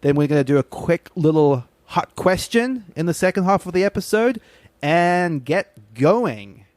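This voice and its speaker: An upbeat man hosts a casual board game podcast, his fairly high voice rising and falling in lively swings. He laughs easily, and his voice sounds dry and close to the mic. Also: unhurried, no room sound. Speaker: podcast host. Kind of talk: casual chat.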